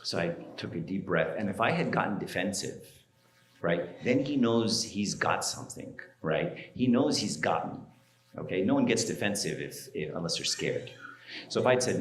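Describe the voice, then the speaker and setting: Middle-aged guy with a low voice giving a church parenting seminar, chatty storyteller, echoey room. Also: lively intonation, moderate pace. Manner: conversational, storytelling, keeps asking "right?". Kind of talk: seminar talk. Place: church hall.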